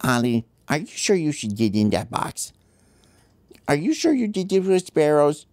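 A man voicing a nervous, excitable pal who fires off worried questions. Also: moderate pace, no room sound. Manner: anxious, questioning, high and excited. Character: nervous excitable pal Smalls, eager but scared.

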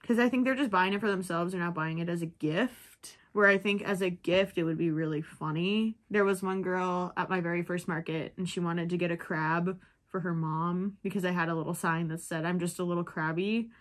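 A woman's voice: lowish voice, steady tone, brisk. A young woman from Minnesota with a Minnesotan accent, chatting in a rambling, giggly way while she crochets for her vlog. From Minnesota, USA. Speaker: crochet vlogger. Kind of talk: casual chat while crocheting.

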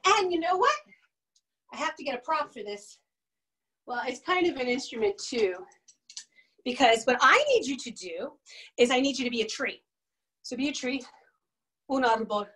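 A woman teaching a children's music and movement class, singing songs and chanting with young kids. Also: high voice. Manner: sings and chants songs, bright and coaxing with kids.

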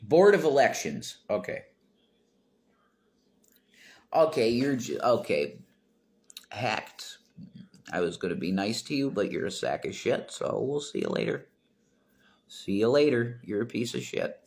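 A man chats on a casual livestream from home, talking into his phone. He reads out viewer comments and answers them in a loose, rambling way. He swears bluntly when he is annoyed, and his pitch and loudness stay in an ordinary middle range. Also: sing-song, a little slow, vocal fry. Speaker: livestream host reading chat.

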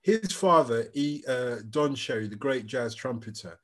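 A man, a podcast co-host chatting casually and telling lively anecdotes. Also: medium pitch, unhurried. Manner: animated anecdotal storyteller, restarts sentences. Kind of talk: casual chat.

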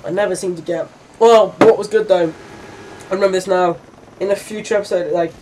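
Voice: mid-range voice, fairly even intonation, a little fast, background noise. A teenager in their late teens with an English accent, giving rambling, chatty gameplay commentary with giggly asides. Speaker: gaming channel host.

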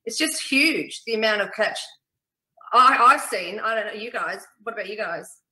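Woman with a bright voice in an echoey room. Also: medium pitch, animated. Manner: halting, searching for words. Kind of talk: casual panel chat.

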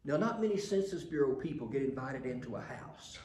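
A man's voice: medium pitch, lively intonation, a little fast, darkish tone, reverberant. An older man preaching a sermon, telling stories and building to emphatic passages. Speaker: pastor.

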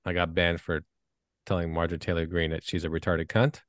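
A man's voice: sits low, little pitch movement, a little fast, a bit bright, no echo, clean studio sound. A man hosting a podcast in casual chat, crude and joking as he leads the segments. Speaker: podcast host.

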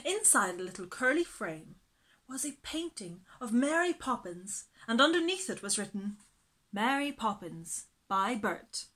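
A woman reading a children's story aloud, slow and gentle. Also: a little high, big pitch swings, breathy edge.

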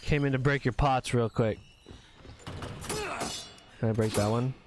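Slow, goofy, swearing man streamer. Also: medium pitch, steady tone, slight background noise. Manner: profane, goofy, slips into silly voices. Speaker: gaming streamer. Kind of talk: live gameplay commentary.

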